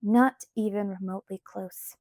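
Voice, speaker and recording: A woman's voice: medium pitch, steady tone, darkish tone, dry recording, studio quality, close to an everyday voice. Bella, a furious teenage girl, as a woman reads her. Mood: cold. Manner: raised, emphatic, slow outbursts. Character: angry hurt teenage girl, sharp-tongued.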